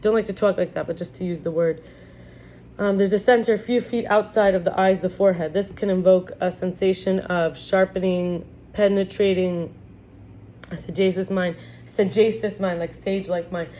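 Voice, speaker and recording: A woman's voice: mid-range voice, fairly even intonation, moderate pace, warm tone, slight background noise. A woman giving a casual spiritual lesson, talking in a chatty way with frequent restarts while reading from a book. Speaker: teacher. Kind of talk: casual spiritual teaching talk.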